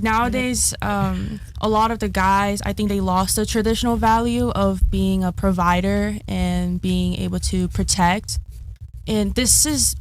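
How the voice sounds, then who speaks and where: A woman speaking as a guest in a casual panel chat, laying out her opinions in an even, thoughtful way. She hedges often with small fillers, over a faint background hiss. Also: medium pitch.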